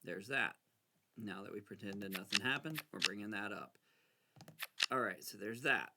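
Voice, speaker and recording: A man casually talking himself through a card game, anxious and excitable, arguing with himself as he plays. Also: lowish voice, moderate pace, slight background noise. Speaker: gameplay video creator. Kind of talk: casual talk over a solitaire game.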